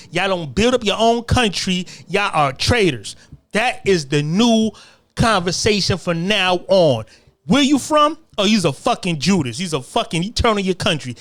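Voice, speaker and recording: An American man hosting a podcast, delivering a heated, profane solo rant in hammering repeated phrases that climb louder as he gets worked up. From United States. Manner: grows louder and higher when worked up. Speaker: podcast host.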